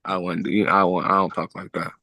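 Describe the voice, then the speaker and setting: Polite, apologetic defendant on a call. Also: male voice, deep voice, little pitch movement, brisk, gravelly, sharp tone. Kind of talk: court hearing answers. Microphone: video call.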